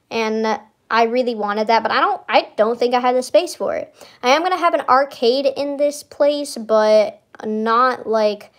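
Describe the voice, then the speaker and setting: A young woman streamer giving a casual, rambling tour of a building in a game, giggling often and stalling on many fillers. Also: a little high.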